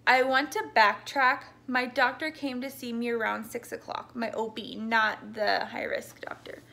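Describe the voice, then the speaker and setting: A woman's voice: fairly high pitch, steady tone, measured pace, vocal fry, sharp tone, slight background noise. A young woman telling her birth story in a casual, rambling way, with many ums and likes, at times tearful. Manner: rambling, full of ums and likes, backtracks often. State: tearful, voice breaking.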